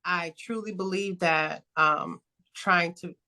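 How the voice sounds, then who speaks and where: A young adult woman talks as a guest on a casual podcast. Her voice sits a little low, and she speaks earnestly and reflectively, pausing on fillers. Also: fairly even intonation, bright, forceful tone. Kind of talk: casual interview chat.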